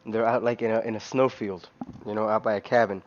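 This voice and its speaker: Muffled audio captures a man's fairly low, steady voice, moving a little fast. It's laid-back racing game stream talk, where he rambles, restarts often, leans on fillers, and keeps laughing.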